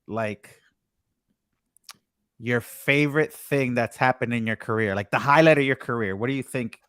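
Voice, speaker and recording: A man's voice: medium pitch, normal speed, smooth, dry recording, clean studio sound. A man hosting a casual live show, asking questions and hyping his guest. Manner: excited, hypes the guest. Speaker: host.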